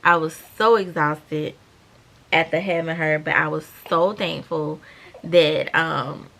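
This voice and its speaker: Woman in her 30s, lowish voice with lots of fry, telling her vlog viewers a story, calls them y'all. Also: slow pace. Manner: animated, chatty, addresses viewers as y'all. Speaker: vlogger.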